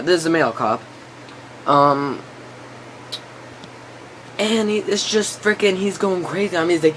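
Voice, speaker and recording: A man's voice: high voice, a little slow, pauses often, a bit bright, slight background noise. Rambling teenage boy with a breaking voice. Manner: rambling, lots of filler and restarts. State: voice breaking, cracks now and then. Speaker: vlogger. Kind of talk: casual storytelling to camera.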